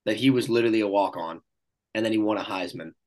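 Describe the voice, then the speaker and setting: A man's voice: lowish voice, a little mellow. A man co-hosting a podcast, telling sports stories in a laid-back, profane, joking way. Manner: laid-back, profane storytelling, quick laughs. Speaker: podcast co-host. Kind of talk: casual sports chat.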